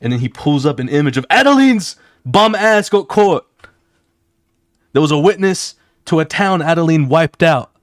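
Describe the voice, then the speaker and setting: Excitable young man narrating his comic. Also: on the high side, normal speed, no echo, studio quality. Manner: excitable, swears often, acts out scenes with sound effects. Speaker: streamer. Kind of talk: casual live-stream chat while drawing.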